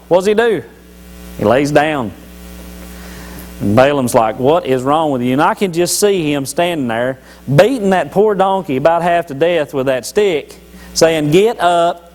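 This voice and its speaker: Rough audio captures a lay church speaker whose male voice runs on the high side. His devotional talk is folksy and joking, built around Bible stories and punctuated by many restarts.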